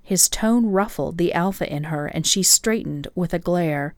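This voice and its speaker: Low-voiced woman narrating a storybook. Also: normal speed, no room sound. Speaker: audiobook narrator. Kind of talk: scripted narration of a romance novel.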